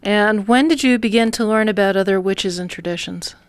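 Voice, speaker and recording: A woman's voice: medium pitch, brisk, clear, resonant tone, dry recording. Woman host asking short questions, lots of mm-hmms, dry room. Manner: brief encouraging backchannels and short questions. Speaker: interviewer. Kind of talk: interview.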